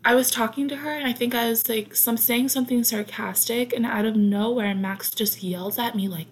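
A woman's voice: fairly high pitch, fairly even intonation, normal speed. A young American woman hosting her own podcast, telling stories in a chatty, rambling way with lots of fillers and asides. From United States. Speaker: podcast host. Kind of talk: casual storytelling.

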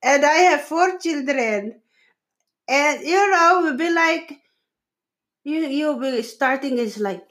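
Slow, earnest woman giving marriage advice. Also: high voice, expressive, a bit bright. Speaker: podcast co-host. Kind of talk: casual chat with her husband.

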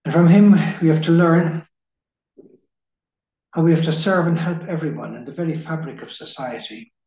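A man giving a slow, measured spiritual reading in the manner of a preacher. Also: fairly high pitch, darkish tone. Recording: echoey room, dull lo-fi sound.

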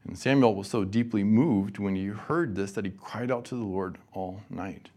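A man's voice: lowish voice, normal speed, mellow. A man giving a college chapel sermon, casual and joking with the audience. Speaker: guest chapel speaker.

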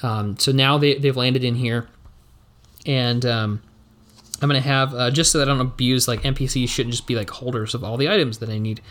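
Man, solo tabletop game narration, middle pitch, rambling, self-correcting, thinking aloud. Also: normal speed, a bit bright. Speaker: game master.

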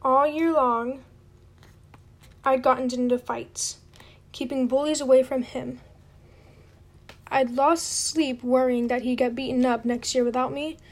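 A woman's voice: high-pitched, steady tone, unhurried, pauses often. A woman reading a novel aloud at home in an unpolished, amateur style and apologizing for her slips. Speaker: reader.

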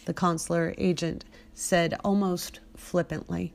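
A middle-aged woman narrating her own memoir with intensity, building to loud, emphatic outbursts. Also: lowish voice, fairly even intonation, measured pace. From United States. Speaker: memoir narrator and podcast host. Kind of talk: dramatic memoir reading.

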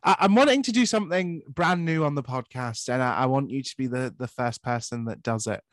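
A man hosting a podcast, asking his guest questions in a relaxed way. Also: mid-range voice, brisk. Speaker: podcast host. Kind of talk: interview.

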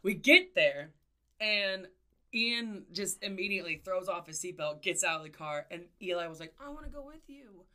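A woman co-hosting a podcast, telling a story in casual chat, animated, swearing and laughing as she acts out the people in it. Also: fairly low pitch, moderate pace. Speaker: podcast co-host.

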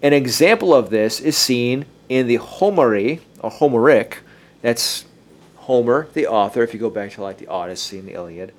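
A chatty man leading a relaxed group conversation, mixing in passages he reads aloud. He laughs easily and often starts a sentence over. His voice sits at an ordinary middle pitch. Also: normal speed. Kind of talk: casual group discussion with some reading aloud.

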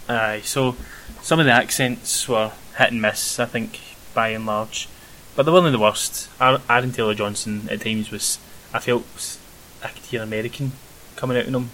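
A young Scottish man with a bright, forward voice talks casually through a film review, wandering and hesitant with plenty of ums. A faint hiss sits under the recording. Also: medium pitch, fairly even intonation, normal speed, poor audio. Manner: rambling, hesitant, many ums. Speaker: podcast co-host.

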